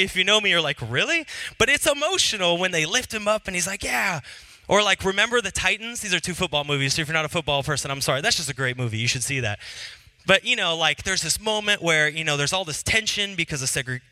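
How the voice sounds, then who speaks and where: A man's voice: high-pitched, sharp tone, dry recording. A married Christian man talking casually and earnestly about what moves him, with many fillers and restarts. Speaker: Christian speaker. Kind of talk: casual personal talk.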